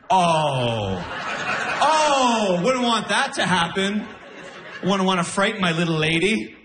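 A man doing a stand-up comedy set, telling stories with animated, incredulous outbursts. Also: takes it slowly, noisy background. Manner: animated storytelling, jumping into high-pitched incredulous outbursts. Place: comedy club stage. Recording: roomy live venue sound. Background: audience laughter.

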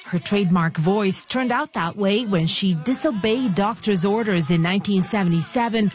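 A woman's voice: mid-range voice, normal speed. Woman narrating a radio news feature. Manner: polished, storytelling reporter delivery. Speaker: news reporter.

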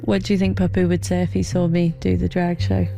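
A woman's voice: on the low side, completely flat delivery, brisk, creaky, warm tone, soft background music. A woman chatting casually and playfully, thinking aloud as she brainstorms and laughs along.

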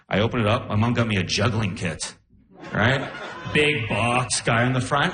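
Young guy doing standup, bouncy lively voice, super bright, jokey. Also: fairly low pitch, normal speed. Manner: animated, chatty, self-mocking. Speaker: stand-up comedian. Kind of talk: stand-up set.

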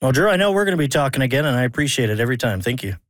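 A man hosting a radio interview in a brisk, conversational way. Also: mid-range voice, big pitch swings, no room sound, clean studio sound. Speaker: radio host.

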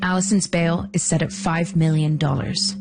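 A woman narrates a documentary podcast in a measured, scripted delivery. Her voice sits low, with soft music playing quietly underneath. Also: fairly even intonation.

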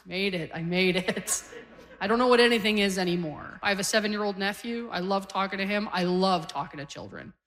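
A woman's voice: mid-range voice, fairly quick, a bit bright, in a large hall. Self-mocking Canadian woman doing stand-up. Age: 40s. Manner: chatty, self-deprecating, laughing through lines. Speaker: stand-up comedian. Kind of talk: stand-up set. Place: comedy stage before a live audience.

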